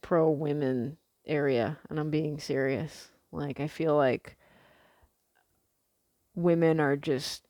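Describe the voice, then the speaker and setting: A woman's voice: sits low, steady tone, slow, long pauses, dark tone, no echo, clean studio sound. A young American woman talking casually in a rambling vlog, with many fillers and casual swearing. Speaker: vlogger.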